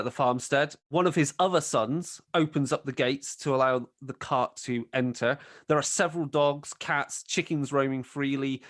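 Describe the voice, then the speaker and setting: A man's voice: medium pitch, no room sound, studio quality. A man narrating a tabletop game as game master, describing scenes in a rambling way with plenty of fillers.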